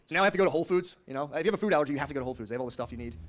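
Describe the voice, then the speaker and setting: A man's voice: fairly high pitch, expressive, racing. A young man doing a casual, rambling stand-up comedy routine, riffing with lots of filler.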